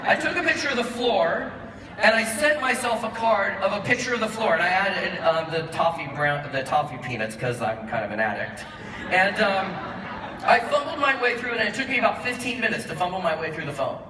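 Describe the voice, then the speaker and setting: Animated man telling a story on stage. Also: sits high, brisk. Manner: animated, acts out both sides of conversations, laughs along. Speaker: award winner giving acceptance speech. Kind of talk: storytelling acceptance speech on stage. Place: large event hall with audience. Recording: roomy hall sound from a distant mic, faint noise.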